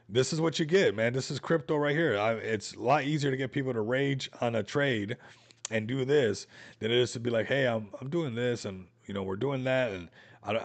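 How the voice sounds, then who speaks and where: A man chats casually on his crypto livestream, hyped up and rambling. He talks in slangy asides at a middle pitch, as if to viewers in a chat window. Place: Las Vegas home.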